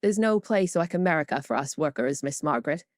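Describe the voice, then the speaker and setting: A woman voicing a kind, quietly bitter young male tutor in a storybook reading. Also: low voice, lively intonation, a little fast, no room sound, clean studio sound. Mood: earnest.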